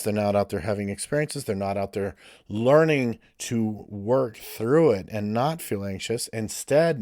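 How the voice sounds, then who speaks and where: A man's voice: lowish voice, a little mellow, dry recording, clean studio sound. A male counselor giving a blunt, ranting podcast monologue and swearing freely.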